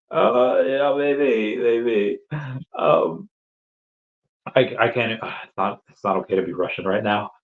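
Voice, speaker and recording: A man's voice: medium pitch, sing-song, takes it slowly, pauses often, phone-quality sound. A man hosting a casual livestream, answering chat questions in a rambling way and often repeating words as he restarts.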